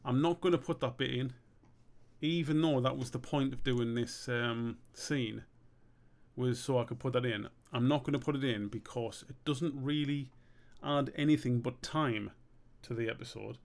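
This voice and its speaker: A man, casually talking through his cartoon work as he draws, relaxed and sweary. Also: mid-range voice, moderate pace, creaky. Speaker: streamer and cartoon maker. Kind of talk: casual commentary while drawing.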